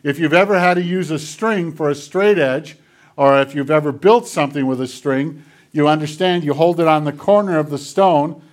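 A man preaching a sermon to a congregation, retelling scenes dramatically and dropping into quiet, hushed passages. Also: on the high side, normal speed. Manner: dramatic retellings, drops to near whispers. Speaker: pastor. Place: church filmed on camera.

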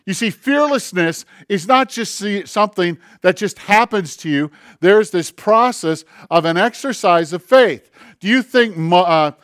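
A man preaching a sermon in an earnest, conversational way, slowing down on key phrases and acting out short bits of dialogue. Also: high-pitched, a bit bright, no room sound, studio quality. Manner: acts out dialogue and asides. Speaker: pastor.

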